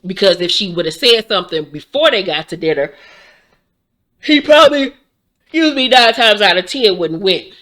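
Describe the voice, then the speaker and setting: A woman in her forties, tired and yawning, recapping a reality show in casual, animated talk full of swearing and laughter. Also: medium pitch, moderate pace. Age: 40s.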